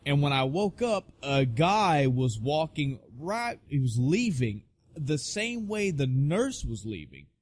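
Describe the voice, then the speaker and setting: A man's voice: fairly high pitch, takes it slowly. A man co-hosting a podcast, telling a story in casual chat with lots of swearing, acting out the people in it. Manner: profane, animated storyteller acting out quoted voices. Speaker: podcast co-host.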